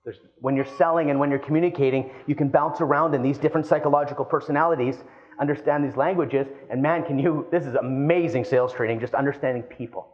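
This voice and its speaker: A man giving a live keynote speech, telling a personal story with animated energy and calling the audience guys. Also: medium pitch, fast, highs cut off. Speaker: keynote speaker.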